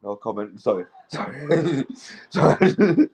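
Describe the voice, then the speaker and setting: His voice is on the high side, sing-song, a little mellow and slightly rough, and he takes it slowly. This Yorkshire-accented livestream host from Keighley, England, is stoned and tipsy, rambling, swearing and laughing with his viewers in casual chat. The audio is poor.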